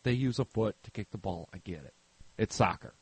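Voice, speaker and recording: A man's voice: on the low side, a little fast, husky, no echo, rough recording. Blunt, swearing man on a podcast. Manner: blunt, profane, joking. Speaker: podcast co-host. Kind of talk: casual crude podcast banter.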